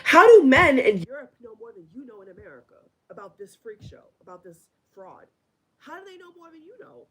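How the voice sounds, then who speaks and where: A woman's voice: high voice, big pitch swings, brisk, fairly bright tone. A woman delivering a heated, profane reaction rant to her camera, repeating lines for emphasis. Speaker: vlogger. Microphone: headphones on. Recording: audio cutting in and out, level dropping.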